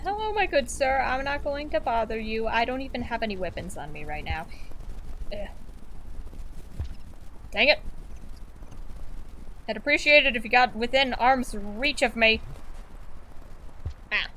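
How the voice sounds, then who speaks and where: A young woman commenting on a video game as she plays, excitable, chanting and shrieking at the screen. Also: a little high, measured pace, long pauses, slight background noise, low-quality recording. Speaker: gamer. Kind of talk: let's-play commentary.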